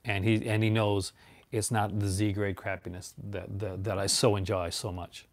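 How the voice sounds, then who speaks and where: A man's voice: on the low side, level tone, normal speed, no room sound. A man hosting a casual, rambling chat about his movie collection, laughing often.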